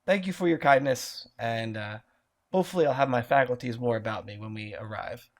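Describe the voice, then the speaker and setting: A man's voice: medium pitch, fairly quick, close to an everyday voice. A man voicing a polite time-traveling man who has lost his memory, speaking formally and hesitantly. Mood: politely hesitant.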